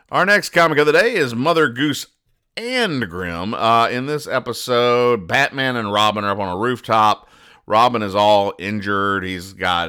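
A man hosting a comedy podcast, explaining comic strips in a dry, sarcastic deadpan that often trails off quietly. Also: low voice, smooth, no echo. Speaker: podcast host.

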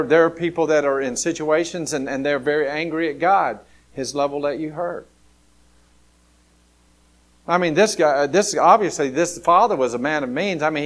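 A man from Alabama with a Southern American accent, preaching a sermon. He talks conversationally and repeats his key phrases for emphasis. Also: fairly high pitch. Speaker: pastor.

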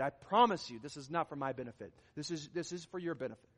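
A man's voice: a little high, animated, quick pace, hardly any pauses, fairly bright tone. A man preaching a sermon as pastor, with an emphatic delivery that swells and drops in volume. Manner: emphatic, rising and falling in volume. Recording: long hall reverb.

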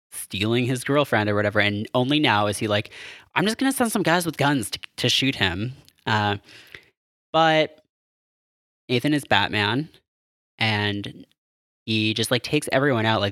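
A man's voice: mid-range voice, fairly bright tone, dry recording, studio quality. A man casually recapping a film as a podcast host, rambling and amused with lots of fillers. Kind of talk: casual chat.

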